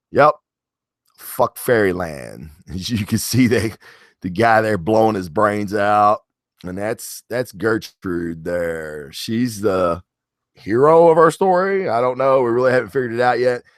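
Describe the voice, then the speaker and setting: A man's voice: mid-range voice, a bit bright, no room sound, clean studio sound. A man giving a casual comic book review, rambling and enthusiastic, with lots of swearing and false starts. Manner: rambling, profane, enthusiastic, many restarts.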